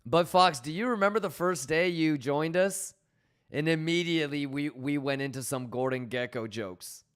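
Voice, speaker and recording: A man's voice: fairly high pitch, moderate pace, a bit bright, smooth. A man hosting a live stream, joking around loosely with swearing and greeting viewers by name. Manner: loose, profane banter reading chat messages aloud; hyped, calling out viewers by name. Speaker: livestream host. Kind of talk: casual livestream chat.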